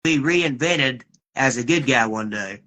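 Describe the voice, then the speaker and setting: A man's voice: mid-range voice, lively intonation, measured pace, sharp tone. A man hosting a casual interview over a video call, chatting easily and asking questions he has written down. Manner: chatty, asks questions he wrote down. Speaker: interview host.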